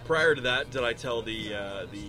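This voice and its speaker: A man's voice: medium pitch, normal speed. Rambling man over music. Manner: rambling, hesitant starts. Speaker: podcast guest, band member. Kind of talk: casual chat, telling a joke.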